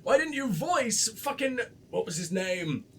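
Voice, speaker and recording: A man hosting a let's play and commenting on the game in a sarcastic, sweary, excitable way. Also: sits high, a little slow, slight background noise. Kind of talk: gameplay commentary.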